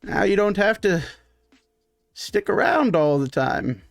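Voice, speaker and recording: A man's voice: high-pitched, big pitch swings, slow, creaky, no room sound, voice pushed up, exaggerated voice. A scatterbrained merchant who keeps losing track, fussing at his squid and breezing through deals, as a man puts him on. The voice sits well above the actor's own and sounds dry and close, with no room around it. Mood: breezy. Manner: flustered, fussing, easily distracted.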